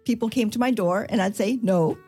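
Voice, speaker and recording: A middle-aged woman telling a story in casual chat, with unhurried pauses. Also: mid-range voice, warm tone, breathy edge, faint music behind.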